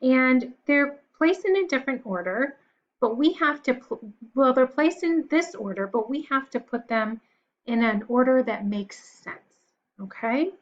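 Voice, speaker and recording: A woman teacher giving a recorded lesson to young children, patient and encouraging, pausing for answers. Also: high-pitched, lively intonation, highs cut off.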